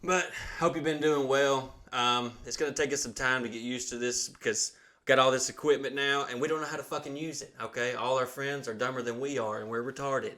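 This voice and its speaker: A man's voice: medium pitch, steady tone, a little fast, bright, forceful tone. A young man hosting a podcast, telling a crude, rambling story in a casual, profane way and acting out the quotes. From Southern United States. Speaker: podcast host.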